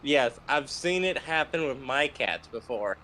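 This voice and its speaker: A man's voice: mid-range voice, animated, a little slow, pushed and bright. A man chatting on a gaming livestream, telling an easygoing story. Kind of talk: casual chat while gaming.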